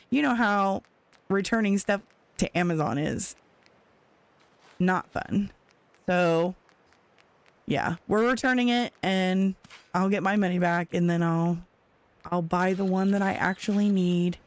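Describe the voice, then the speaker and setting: A woman streamer chatting casually with her viewers while gaming, retelling a story in an animated way with frequent laughs. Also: mid-range voice, a little slow, pauses often, no room sound.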